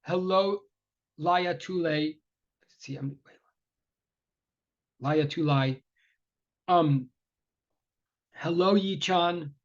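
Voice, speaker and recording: Brief: male lecturer, high voice, apologetic and chatty, tablet mic with dull lo-fi sound. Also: slow, long pauses. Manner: apologetic, flustered, chatty, many fillers and restarts. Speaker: university lecturer. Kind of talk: casual online class opening. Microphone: tablet microphone on a video call. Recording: dull lo-fi video call audio.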